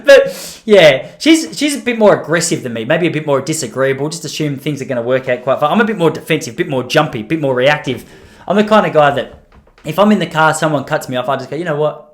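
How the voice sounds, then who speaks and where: A man's voice: fairly high pitch, fast talker. A man, hosting a podcast and telling a long anecdote in a casual, self-mocking way, often restarting his sentences. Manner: animated, self-mocking storyteller, rambling with frequent restarts. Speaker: podcast host. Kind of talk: casual storytelling monologue.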